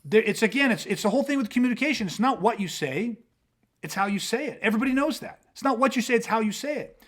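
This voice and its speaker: Male podcast host with a high-pitched voice, emphatic and profane, acts out dialogue. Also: animated, quick pace, a bit bright. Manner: emphatic, swearing, acts out quoted exchanges. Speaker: self-defense podcast host. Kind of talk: casual podcast talk. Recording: podcast mic.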